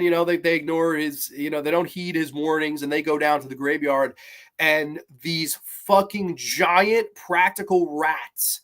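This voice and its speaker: A man's voice: on the high side, fairly even intonation, a little slow, fairly bright tone. A man hosting a podcast, reviewing horror films casually with enthusiastic, rambling talk full of fillers and mock-quoted lines. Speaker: podcast host.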